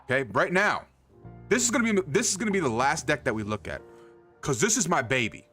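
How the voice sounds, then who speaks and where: A man's voice: fairly high pitch, big pitch swings, brisk, sharp tone, soft background music. A man hosting his own livestream, chatting casually with his viewers in a hyped, loose and profane way. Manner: hyped, loose and profane, talks straight to the chat. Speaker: streamer host.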